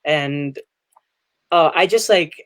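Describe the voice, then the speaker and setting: A woman on a video call at an online open mic, gushing excitedly and warmly about a fellow poet. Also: low-pitched, slow pace, dry recording. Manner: gushing, excitable, laughs easily. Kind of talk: heartfelt casual praise.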